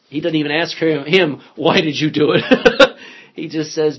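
A man's voice: on the high side, animated, moderate pace, breathy edge. A man teaching a Bible study class, reading scripture aloud and putting questions to his listeners. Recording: dull lo-fi sound.

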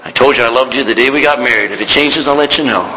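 A dismissive old husband mutters low and flat without looking up from his paper, as a preacher acts him out. A long reverb trails behind him in a large hall. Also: fast, slight background noise, lightly acted. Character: indifferent elderly husband behind his newspaper.

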